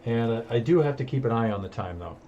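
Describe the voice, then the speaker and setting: A man's voice: medium pitch, animated, fast, warm tone, lo-fi sound, a little hiss or hum. A man chatting through live gameplay commentary, self-amused and handing out jokey tips. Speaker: streamer.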